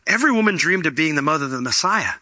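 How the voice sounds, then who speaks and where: A man delivers a sermon in a strikingly bright, forceful voice. He talks the congregation through the text, then jumps up high to act out what people say. The sound is close and dry. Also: racing, no room sound. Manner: animated, acts out quoted voices with big pitch jumps. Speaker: pastor.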